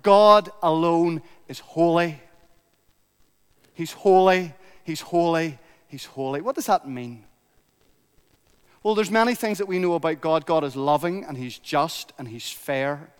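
High-voiced man preaching in a reverberant church. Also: a little slow, clean tone. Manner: emphatic, builds with repetition. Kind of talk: sermon.

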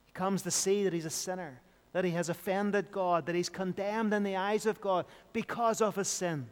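A man's voice: high voice, fairly even intonation, normal speed, smooth, long reverb tail. A man preaching an evening sermon in an earnest, repetitive style, building emphasis as he goes.

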